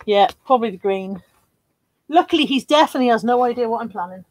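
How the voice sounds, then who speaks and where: High-pitched woman chatting casually on a haul livestream, jokey, dry close sound. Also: expressive, fast talker, no room sound. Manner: chatty and jokey, laughs often, reads out viewer comments. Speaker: livestream host. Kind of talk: casual live haul chat.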